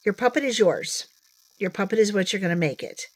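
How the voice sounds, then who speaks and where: A woman's voice: medium pitch, expressive, a little fast. Playful woman teaching puppetry. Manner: playful and chatty, demonstrating as she talks. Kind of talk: video lesson.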